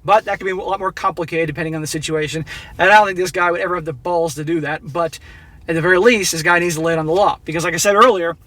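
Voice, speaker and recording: A middle-aged man delivers a blunt, preachy monologue as a commentary host. His voice sits high for a man and sounds bright and forceful. The recording is dry, with no room sound. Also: steady tone, very fast, no echo. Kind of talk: opinionated monologue reacting to a read-out story.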